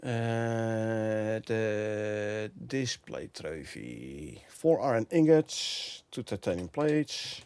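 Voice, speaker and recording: Speaking very slowly in an expressive, lowish voice with a darkish, clear and resonant tone, this Dutch-accented man from the Netherlands is streaming a game. He chats with viewers, thinks out loud and laughs often in casual live-stream commentary.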